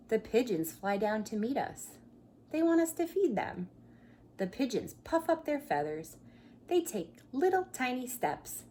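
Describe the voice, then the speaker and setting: At home by her coffee table, a woman who works as a pre-K teacher reads a picture book to young children. She voices the animals, encourages the kids to make the sounds with her, and slips into a whisper during hushed parts. Her pitch is medium, and there's slight background noise.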